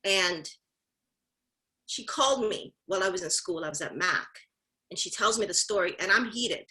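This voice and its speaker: Her pitch is medium and her pace moderate, with a pushed, bright sound on a low-quality recording. The woman leads a mentorship session with a motivational talk, direct and emphatic, frequently repeating lines and calling to her audience.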